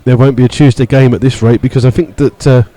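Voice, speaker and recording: Brief: male radio football commentator, mellow tone, halting play-by-play full of fillers, gets worked up over referee calls. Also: low-quality recording. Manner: steady play-by-play with many fillers, rising in pitch when indignant. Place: stadium stand among fans.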